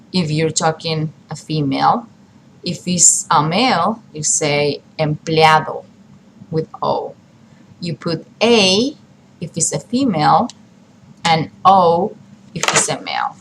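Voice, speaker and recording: Slow, patient woman teaching Spanish. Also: low-pitched, very animated, slight background noise. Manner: slow, patient, repeats phrases in both languages. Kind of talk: bilingual language lesson.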